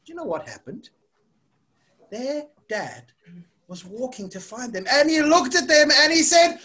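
A woman's voice: sits high, a little slow. A woman telling a story to children at church, stopping often to ask them questions. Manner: animated, asks the children questions.

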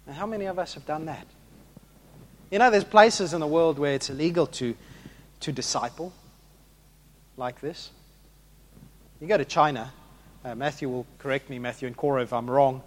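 A man preaching a sermon, swinging between loud rousing questions to the congregation and hushed, emphatic passages. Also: a little high, normal speed, long pauses.

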